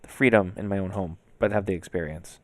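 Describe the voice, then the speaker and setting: A man's voice: deep voice, fairly quick, darkish tone, dry recording. A man co-hosting a casual podcast, chatty and emphatic, rambling through stories. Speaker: podcast co-host. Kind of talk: casual chat.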